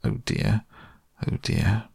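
A man's voice: slow, darkish tone, no echo, studio quality, close to an everyday voice. A man voicing a boastful male toad disguised as a weeping washerwoman, in a self-pitying wail. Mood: tearful pleading.

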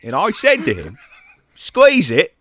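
A man doing a loud, hammy impression of an elderly English film actor, with a put-on British accent. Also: fairly high pitch, wildly swooping pitch, slow, voice pushed up, exaggerated voice.

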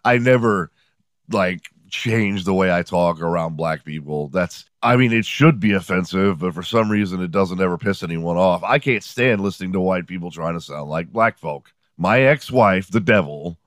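A man in his forties hosts a podcast with rambling, profane comedic stories and a sardonic edge. His voice sits on the low side. The sound is dry and close. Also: normal speed, dry recording. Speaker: podcast host. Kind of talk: comedic storytelling monologue.

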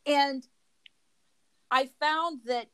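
Woman wedding planner, somewhat high voice, emphatic and chatty on a podcast. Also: steady tone, very slow, bright, forceful tone. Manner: emphatic, conversational, gives advice. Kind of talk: casual podcast chat.

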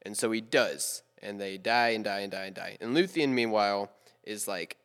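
A man's voice: mid-range voice, lively intonation, moderate pace, fairly bright tone, long reverb tail. A young man on a podcast, casually retelling a story in a rambling, playful way with quoted asides. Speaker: podcast co-host.

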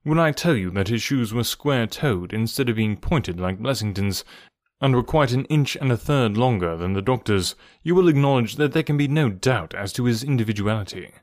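Man reading as a calm clever detective, measured and dry, mid-pitched voice. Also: no room sound, natural voice. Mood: assured. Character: calm, cerebral male detective.

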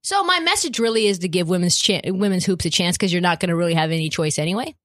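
A woman's voice: fairly low pitch, lively intonation, fast talker, fairly bright tone. A woman hosting a sports podcast, giving opinionated commentary in an emphatic, swearing, ranting way.

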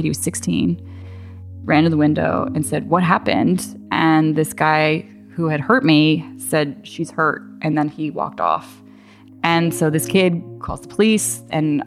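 Low-voiced woman telling a personal story. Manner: chatty, laughing, many fillers.

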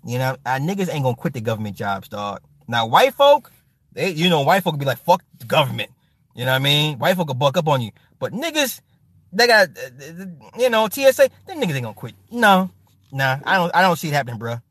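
A man on a home livestream, chatting to his viewers in a loose, profane, animated way. He laughs a lot and talks straight to the chat. His voice sits a bit high for a man, and it is recorded close and dry with no room sound. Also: a little fast, no room sound. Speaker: livestream host reading viewer comments. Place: home streaming setup with ring light.

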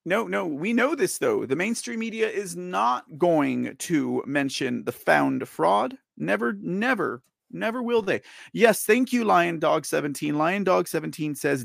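A man's voice: sits high, expressive, measured pace, vocal fry, no room sound, studio quality. A man hosting a live online show, ranting with exasperation, laughing often and repeating himself as he talks to his viewers. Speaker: livestream news show host. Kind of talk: ranting live commentary, reading viewer chat.

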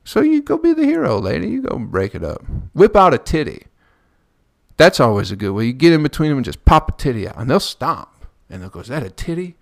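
A man's voice: mid-range voice, wildly swooping pitch, brisk, vocal fry, dry recording, clean studio sound. A man hosting a podcast, rambling through a profane comedic monologue and laughing at his own jokes. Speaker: podcast host.

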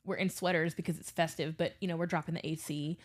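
A young woman from South Louisiana, co-hosting a podcast in casual chat, telling animated stories and swearing freely. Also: low voice, fast. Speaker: podcast co-host.

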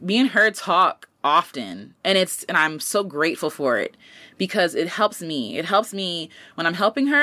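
A woman in her late twenties giving casual advice as a podcast host, animated and slangy, jumping up in pitch to stress a point. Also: no room sound. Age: late 20s.

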